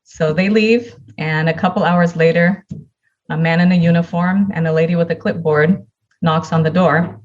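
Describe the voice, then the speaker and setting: Woman guest on a podcast, low voice, earnest storytelling, slightly muffled sound. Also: fairly even intonation, normal speed, darkish tone. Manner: earnest, acts out dialogue from her story. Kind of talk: personal storytelling.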